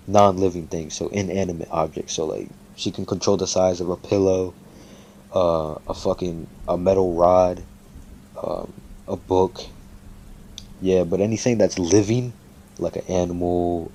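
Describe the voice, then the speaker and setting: A man's voice: low-pitched, warm tone, a little hiss or hum. A man casually making up and telling a fan story, rambling with lots of fillers and swearing freely.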